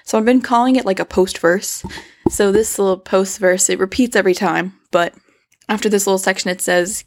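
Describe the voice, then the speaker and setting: A woman's voice: medium pitch, a little fast. A young woman and singer, casually analyzing a rock song in a vlog, chatty and gushing with lots of "like" and "kinda". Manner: chatty, upbeat, filler-heavy with "like" and "kinda"; enthusiastic, gushing about the singer. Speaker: music reviewer breaking down a song; singer herself.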